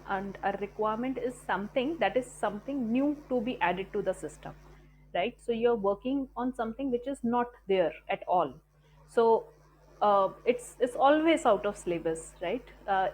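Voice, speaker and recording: A woman explains step by step, often ending points with "right?". She talks at a middle pitch, and there is faint background noise. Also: a little mellow, low-quality recording. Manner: explains patiently with many fillers and tag questions. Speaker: session speaker on business analysis. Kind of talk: online group session talk.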